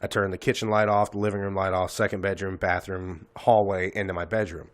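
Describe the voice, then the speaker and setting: A man's voice: deep voice, flat delivery, brisk, no echo. A man in his thirties, a podcast host telling a profane, rambling story in casual chat.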